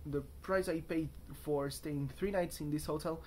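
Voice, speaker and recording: A man's voice: fairly high pitch, steady tone, moderate pace, darkish tone, a little hiss or hum. Talkative young man rambling from a hotel room. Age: young adult. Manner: talkative, self-mocking, wandering off on tangents. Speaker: vlogger. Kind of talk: casual rambling vlog monologue.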